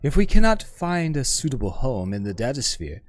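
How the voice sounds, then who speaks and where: A man's voice: mid-range voice, very animated, moderate pace, no echo, natural voice. A man voicing a serene, formal woman scholar with careful, precise diction in a game. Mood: measured, gracious.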